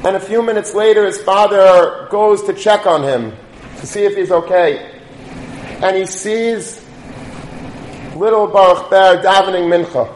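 A man's voice: sits high, unhurried, long pauses. A man giving an earnest Torah talk, telling a story and sprinkling in Yiddish and Hebrew words. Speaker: rabbi. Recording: echoey room with faint noise.

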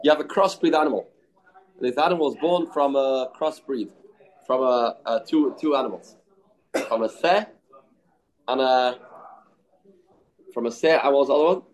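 A man teaching a daily Talmud lesson, arguing both sides in quick English laced with Aramaic and Yiddish terms. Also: mid-range voice, poor audio. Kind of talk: daf yomi Talmud lesson.

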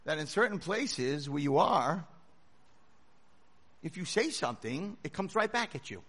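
A man's voice: a little high, big pitch swings, a little slow, a bit bright, breathy edge, heavily acted. A man voicing a father who patiently explains something to his son. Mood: calm.

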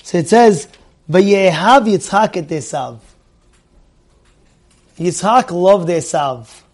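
A middle-aged man leads a Torah class with a high, lively voice. He repeats phrases for emphasis, peppers his talk with Hebrew terms and keeps asking his listeners whether they follow. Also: takes it slowly. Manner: animated, repeats phrases for emphasis, asks the audience questions. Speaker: Torah teacher.

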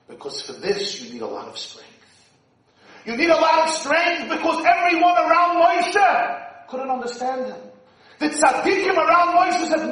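Impassioned preacher in an echoey hall. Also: male voice, very high-pitched, expressive, a little slow. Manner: dramatic swings from hushed to shouting. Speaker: rabbi giving a speech. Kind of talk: impassioned sermon. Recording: echoey hall, distant mic.

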